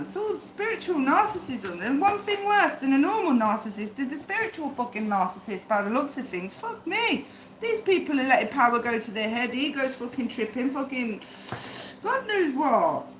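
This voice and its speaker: A woman's voice: high voice, a bit bright, a little hiss or hum. A woman reading tarot on a livestream, talking bluntly and swearing as she rambles to herself. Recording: echoey room with faint ambience.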